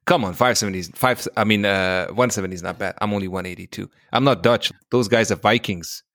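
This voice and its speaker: A man from Hungary, co-hosting a podcast in a joking, teasing, relaxed way. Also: on the low side, fast talker, no room sound, clean studio sound. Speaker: podcast co-host. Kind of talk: casual chat.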